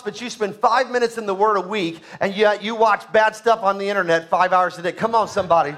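A man's voice: high voice, fairly quick, few pauses, fairly bright tone. A man preaching a sermon as pastor, emphatic, repeating key phrases and calling on the congregation to respond.

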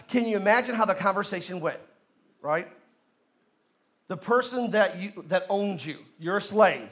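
A man's voice: high voice, a bit bright. A male pastor preaching a sermon at a church service, leading the congregation in call and response.

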